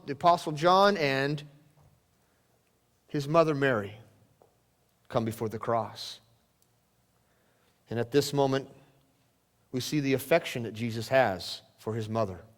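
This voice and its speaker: A male pastor preaching a sermon, swinging from loud exclamations down to hushed, near-whispered lines. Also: medium pitch. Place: church sanctuary. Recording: long church hall reverb.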